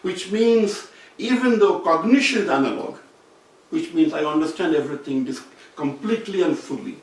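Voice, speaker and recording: A man with a fairly high voice lectures at a seminar, explaining patiently and circling back to rephrase his points. He sounds far from the mic, in a heavily echoing room. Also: expressive, normal speed. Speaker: seminar speaker. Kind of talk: academic lecture. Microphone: distant room mic.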